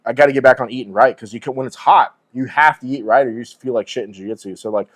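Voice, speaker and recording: A man in his forties co-hosting a podcast, talking at a quick clip. His chat is loose and profane, full of joking banter with his co-host. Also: mid-range voice. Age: 40s. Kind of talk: casual chat.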